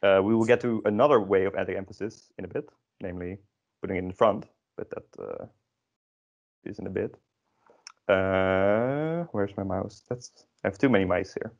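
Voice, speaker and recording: A man's voice: low voice, moderate pace, a little mellow, lo-fi sound. A man teaching an online grammar lesson, explaining patiently with many ums and restarts. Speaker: Dutch language teacher.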